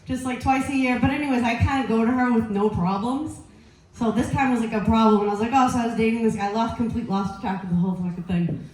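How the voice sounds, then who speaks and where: A woman's voice: fairly high pitch, fast, darkish tone. A woman doing a stand-up set, rambling and crude, losing her place and laughing at herself. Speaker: stand-up comedian. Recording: very echoey room.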